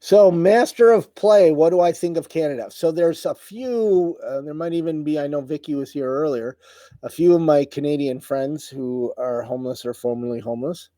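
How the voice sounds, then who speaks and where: Host, middle-aged man, casual live chat, tired and halting, mellow dry voice. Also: fairly high pitch, no room sound. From United States. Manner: halting, many fillers and restarts, emotional. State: tired, voice wearing out. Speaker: livestream host. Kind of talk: casual live chat reading viewer comments.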